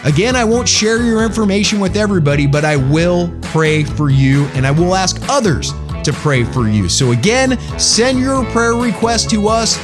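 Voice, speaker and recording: A man's voice: high-pitched, animated, moderate pace, hardly any pauses, over music. A man hosting a religious podcast, talking in an emphatic, folksy storytelling way. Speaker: podcast host.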